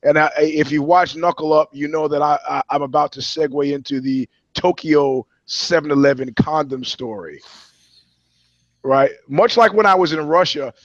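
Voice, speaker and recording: A man's voice: fairly high pitch, moderate pace, no echo. Podcast co-host, man, crude comic storyteller, dry and slightly dull mic. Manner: animated, swearing, acts out voices in anecdotes. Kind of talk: profane comedic storytelling.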